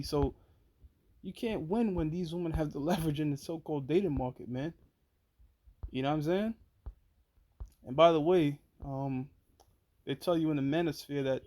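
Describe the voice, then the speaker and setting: A man's voice: a little high, darkish tone, rough recording. A man hosting a show in casual, slangy commentary, often swearing and reading out court papers and scripture verses. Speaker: show host.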